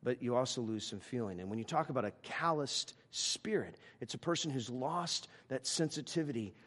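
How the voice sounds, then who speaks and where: A man preaches from a church pulpit in an average-pitched voice. He stumbles through restarts and fillers, then leans into slow, emphatic lines. It sounds like a pastor delivering a sermon. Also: lively intonation, a bit bright.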